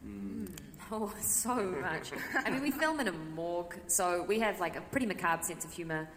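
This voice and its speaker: A woman's voice: lowish voice, expressive, slight background noise. A woman from New Zealand with a New Zealand accent, chatting playfully on a convention panel. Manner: playful, quick to joke. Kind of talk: casual panel chat. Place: large convention hall. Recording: echoey hall, loud crowd.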